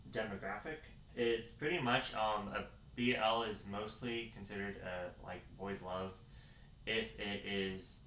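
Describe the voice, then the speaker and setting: A man in a casual manga chat as the guest, measured and hesitant, with many ums. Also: on the low side, a bit bright. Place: bedroom. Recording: roomy, from far off, faint background hum.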